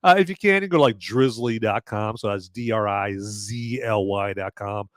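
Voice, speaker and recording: A man's voice: lowish voice, moderate pace, no echo. Rambling man with a dry close sound. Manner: rambling and animated, often tagging lines with "okay?". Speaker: podcast host. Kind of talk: casual beer review on a podcast.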